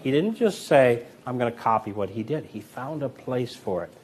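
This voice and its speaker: A man's voice: mid-range voice, moderate pace. Man casually teaching coin sleights. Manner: relaxed, conversational, tells anecdotes with acted quotes; counts coins aloud while demonstrating sleights. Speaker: magic teacher. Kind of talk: casual instructional demonstration.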